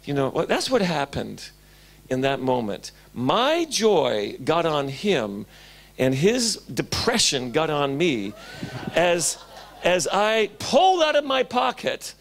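A male pastor preaching a sermon in a church, telling stories animatedly and swinging between loud and hushed. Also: on the high side, wildly swooping pitch, takes it slowly.

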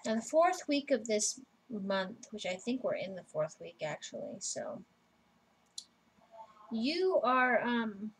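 A woman's voice: fairly high pitch, very animated, takes it slowly, vocal fry, husky, rough recording. A woman giving a personal tarot reading in a casual, blunt way, swearing freely as she goes through the cards. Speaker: tarot reader.

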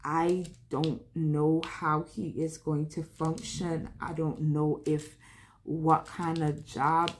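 A woman's voice: sits low, flat delivery, takes it slowly, a little hiss or hum. A woman hosting a home vlog, chatting casually and candidly while she crafts, rambling and talking to herself as she works. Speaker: vlog host.

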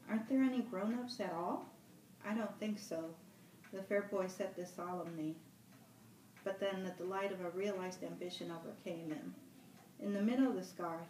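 Woman library director reading a novel aloud, steady, echoey and distant. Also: fairly low pitch, slight background noise. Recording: roomy room, mic at a distance.

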